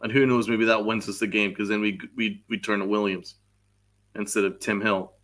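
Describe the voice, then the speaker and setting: The host of a live sports podcast, his voice fairly low and a bit bright with flat delivery at normal speed, vents in an angry, profane live-stream rant. He reads chat messages aloud and reacts to them.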